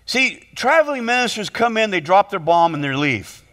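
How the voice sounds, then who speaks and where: A man with a very high voice preaches a lively sermon in a church. His bright, forceful tone rings out with long hall reverb. He tells stories and jokes, often repeating his words as he goes. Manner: animated storytelling, quick jokes, repeated words. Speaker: pastor. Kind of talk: humorous sermon. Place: church sanctuary.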